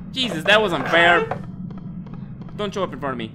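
Jumpy, high-voiced man playing a horror game. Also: expressive, brisk, long pauses. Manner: jumpy, yelps and swears at scares. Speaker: gaming video creator. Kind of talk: horror game let's play commentary. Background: loud game music.

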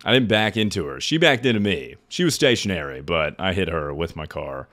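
A man in his twenties with a deep voice, a streamer rambling through stories in casual chat, swearing and laughing at himself. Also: very animated, brisk, fairly bright tone. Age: 20s. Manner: rambling, profane storyteller who laughs at his own stories.

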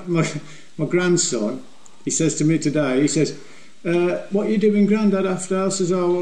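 A man's voice: fairly high pitch, gravelly, darkish tone. Older West Midlands man, roomy echo. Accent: West Midlands English. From West Midlands, England. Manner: jokey, rambling banter. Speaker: interviewee, motovlog group member. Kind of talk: casual chat.

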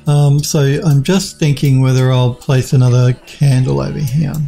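Gravelly, husky-voiced man chatting on stream. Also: medium pitch, fairly even intonation, normal speed, dark tone, soft background music. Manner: reads out chat messages and answers them, with many fillers and restarts. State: losing his voice, coughing. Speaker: game developer streaming live. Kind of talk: casual live-stream chat while working.

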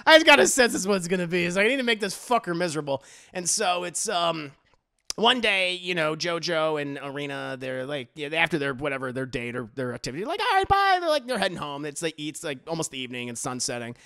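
Excitable male reviewer recapping an episode, bright and lively, swears freely. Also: on the high side, brisk, clear, resonant tone. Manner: animated, profane, acts out scenes.

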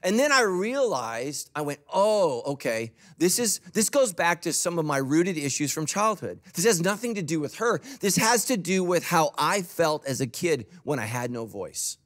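A man's voice: a little high, sing-song, normal speed, few pauses, a bit bright. A middle-aged man preaching a sermon as pastor, conversational and joking, acting out quoted voices. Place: church auditorium.

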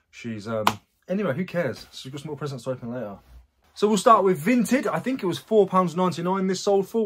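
A man's voice: mid-range voice, slight background noise. A man, chatting casually in a rambling vlog about his resale sales and his past. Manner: chatty, rambling, self-correcting asides. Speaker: online reseller.

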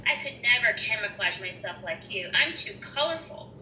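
A woman's voice: mid-range voice, animated, normal speed, bright, forceful tone, a little hiss or hum. A woman voicing a vain, cranky young female butterfly who whines and complains, in a storybook read-aloud. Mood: admiring. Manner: whiny, complaining. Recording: roomy room, mic at a distance.

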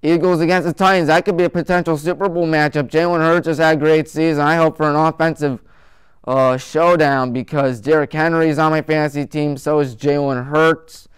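A man's voice: on the high side, fairly even intonation, brisk, clear, resonant tone. A male sports talk show host rattling off his weekly game picks in a joking, opinionated way, with mocking nicknames for teams.

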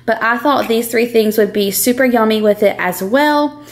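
A woman's voice: on the high side, normal speed. Chatty woman cooking at home. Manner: chatty, addresses viewers as y'all. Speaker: cooking vlogger. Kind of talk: casual cooking vlog. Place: home kitchen.

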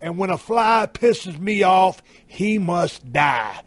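A brash man spins a profane tall tale on his podcast, leaning hard on his drawled emphasis. His voice sits fairly high for a man and sounds close and dry, with no room around it. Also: lively intonation, slow pace, dry recording. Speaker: podcast host. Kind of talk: profane comic storytelling. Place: camper trailer.

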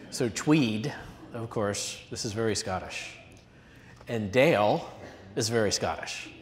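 A man moderating a conference panel, talking in a jokey, teasing, conversational way. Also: on the low side. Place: large conference hall. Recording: echoey hall, faint noise.

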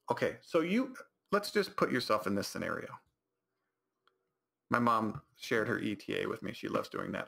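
A young man hosting a podcast, telling a comedic story in a rambling, animated way and correcting himself often. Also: on the low side, moderate pace, creaky. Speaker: podcast host.

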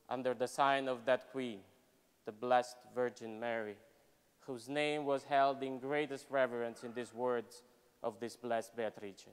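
A man, a professor, giving a solemn, measured, expressive dramatic reading in a university hall. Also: mid-range voice, clear, resonant tone. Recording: long hall reverb at a live event.

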